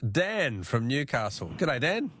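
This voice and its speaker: Chatty radio quiz host. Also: male voice, medium pitch, sing-song, unhurried, a bit bright, a little hiss or hum. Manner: chatty, laughs easily. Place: radio studio.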